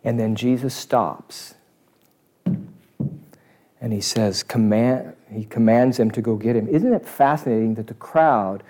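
A man delivers a sermon in a middle-pitched voice. He preaches with lively energy, acts out the voices of the crowd, and swings between loud outbursts and near-whispered asides. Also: slow, pauses often.

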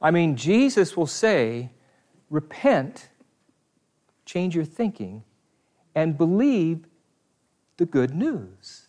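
A man preaching a sermon in an earnest, emphatic way, slowing down on key phrases and turning to the congregation with conversational asides. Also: fairly high pitch, very animated, darkish tone.

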